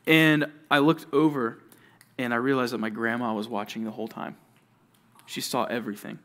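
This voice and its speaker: A male youth pastor preaching to junior high students, telling stories with animation and talking straight to his listeners. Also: normal speed. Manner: animated storytelling, addresses listeners directly.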